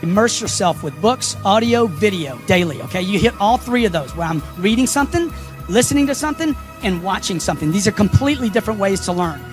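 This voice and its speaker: A man's voice: high voice, lively intonation, fast, soft background music. A man giving a punchy motivational speech, firing rhetorical questions at his audience. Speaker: motivational speaker.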